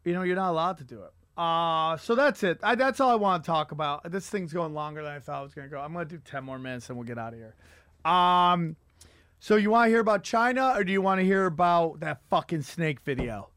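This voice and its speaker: A man hosting a podcast, telling stories in an animated, profane comedic rant. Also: a little high, brisk, smooth, dry recording, clean studio sound. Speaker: podcast host.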